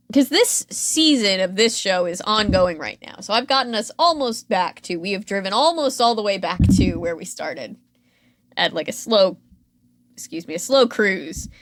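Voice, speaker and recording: A woman's voice: medium pitch, lively intonation, a little slow, fairly bright tone, no room sound, clean studio sound. A woman co-hosting a podcast, recapping a reality show in a chatty, sarcastic way with frequent fillers. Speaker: podcast co-host.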